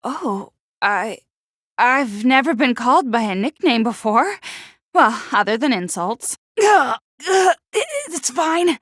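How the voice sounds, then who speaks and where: A woman voicing a gloomy, sharp-tongued teenage schoolgirl for a video game, with a nervous stutter and snide, sarcastic put-downs. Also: on the high side, lively intonation, takes it slowly, dry recording, studio quality, heavily acted. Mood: flustered. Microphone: close studio mic.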